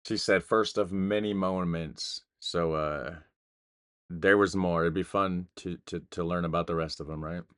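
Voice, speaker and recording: A man's voice: deep voice, steady tone, normal speed, a bit bright, smooth. An American man hosting a reaction video, chatting casually and hesitantly as he thinks things through. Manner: musing, hesitant, trails off. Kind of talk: casual commentary.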